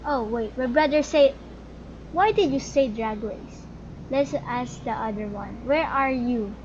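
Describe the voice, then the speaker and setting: Chatty high-voiced woman gaming. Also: a little slow, a little mellow. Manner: chatty, exclamatory, talks to other players. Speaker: gaming channel host. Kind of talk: casual gameplay commentary. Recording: muffled lo-fi audio with noise.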